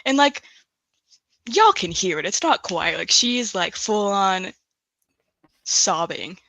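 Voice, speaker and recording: A woman's voice: mid-range voice, lively intonation, slow pace, bright, forceful tone, dry recording. A woman playing a tabletop role-playing game, chatty and emotional, with lots of fillers and laughter. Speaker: player.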